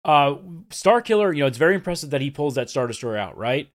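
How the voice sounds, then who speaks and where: A man co-hosts a casual podcast. His voice sits at an ordinary middle pitch, and he talks eagerly and breezily, with the odd swear word, as he walks through an episode scene by scene. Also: big pitch swings, quick pace. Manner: enthusiastic, swearing, acts out scenes in quoted voices. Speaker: podcast co-host. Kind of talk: casual chat recapping a TV episode.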